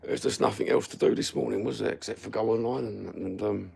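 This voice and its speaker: A man's voice: lowish voice, steady tone, fairly quick, vocal fry, few pauses, darkish tone, husky. A Cockney man ranting sarcastically and swearing constantly as he chats on a live stream. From London. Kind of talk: casual live-stream rant.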